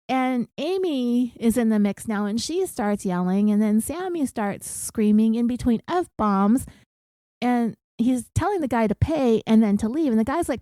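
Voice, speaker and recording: A woman's voice: on the high side, normal speed, warm tone, dry recording. A woman podcast host recapping a story in a casual, wry, conversational way.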